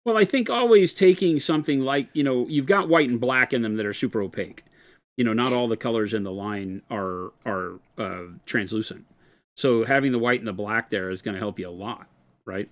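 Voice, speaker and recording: A man hosting a live hobby stream, answering viewer questions about paint in relaxed, rambling explanations full of fillers. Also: medium pitch, a little fast.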